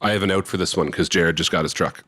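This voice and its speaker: A man's voice: deep voice, fast. A man co-hosting a podcast, telling funny stories with a laugh and acting out the voices of the people in them. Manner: animated, laughing often, acting out quoted voices. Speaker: podcast co-host. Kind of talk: casual chat, comic storytelling and live ad read.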